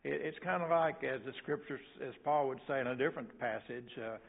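An older man preaching a sermon as pastor, halting and repeating words, with folksy asides. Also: medium pitch, creaky. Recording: tinny phone-like sound.

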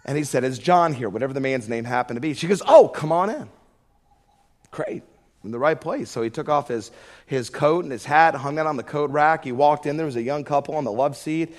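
Man, middle-aged preacher, folksy storyteller, fervent emphasis, slightly high voice. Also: fast. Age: middle-aged or older. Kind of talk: storytelling sermon.

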